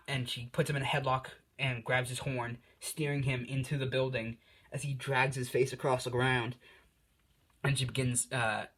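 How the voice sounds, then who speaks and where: A young man narrates a fan story off the cuff. He rambles along, stopping to correct himself and leaning on fillers. His voice sits at an ordinary pitch. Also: fairly bright tone.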